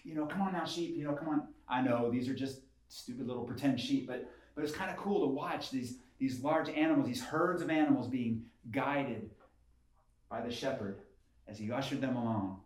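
A man's voice: medium pitch, moderate pace. A man pastor giving a conversational sermon that rises to emphatic peaks. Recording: roomy echo.

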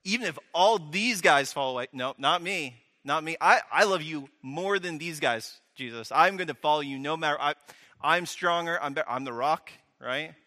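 Guy putting on a cocky stammery apostle, bright voice, echoey hall. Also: a little high, moderate pace, pitched above the performer's own voice. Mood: boastful. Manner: insistent, stammering protests. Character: eager boastful male apostle, young adult.

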